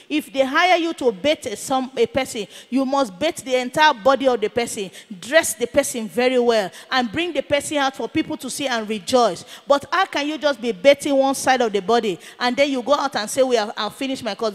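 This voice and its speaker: A woman's voice: sits high, normal speed, few pauses. A woman preacher delivering a sermon as she recounts a vision, emphatic and full of rhetorical questions. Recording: long reverb of a large hall.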